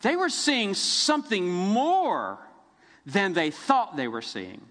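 A middle-aged man preaching a sermon, telling the story vividly with dramatic pauses. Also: high-pitched, huge pitch swings, fairly bright tone, long reverb tail. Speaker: pastor. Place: church sanctuary.

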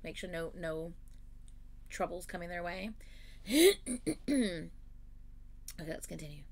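A woman reacting to music videos in casual commentary, effusive and exclamatory, swinging from loud gushing to quiet murmurs. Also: lowish voice, animated, slow.

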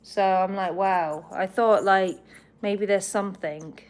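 Slow-talking chatty woman live-streaming. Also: medium pitch, steady tone. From England. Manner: chatty and giggly, talking to viewers and her bird. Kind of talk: casual live-stream chat.

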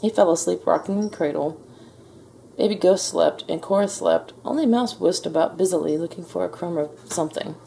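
A woman reading a children's storybook aloud at a slow, expressive pace. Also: fairly low pitch, vocal fry, slight background noise. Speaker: storybook reader.

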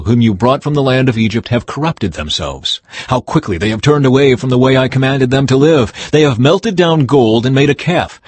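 A stern, wrathful god speaks in a level, husky voice, as a man reads his lines. The delivery stays close and dry, more read than acted. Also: mid-range voice, no room sound, natural voice. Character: the Lord, stern and angry male deity.

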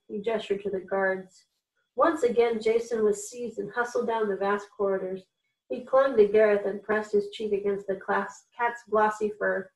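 A woman reads a children's story aloud in a clear, steady manner. Her voice echoes around the room. She sits well back from the microphone. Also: medium pitch, normal speed, distant mic. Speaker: reader for a children's program.

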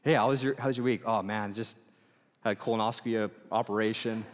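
A man in his thirties preaching a sermon in a relaxed, chatty way with lots of fillers. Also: medium pitch, brisk. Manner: casual, animated preaching with many fillers. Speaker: pastor. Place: church auditorium. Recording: reverberant church hall.

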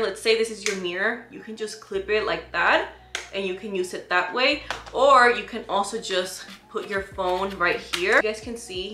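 Bright-voiced chatty woman from Puerto Rico. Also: medium pitch. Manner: chatty, keeps addressing viewers as "you guys". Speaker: vlogger. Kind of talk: casual product haul. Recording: echoey room.

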